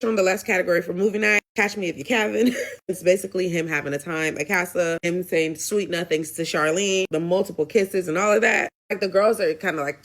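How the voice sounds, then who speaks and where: A woman's voice: fairly low pitch, a bit bright. A woman giving a casual, sassy and blunt recap of a reality show, chatty and opinionated. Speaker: recap vlogger.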